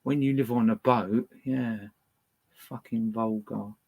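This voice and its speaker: A man's voice: medium pitch, fairly even intonation, slow, vocal fry, dark tone, poor audio. A man hosting a casual livestream from a boat, ranting angrily and swearing at viewers between records. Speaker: livestream host playing records. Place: indoors on a boat.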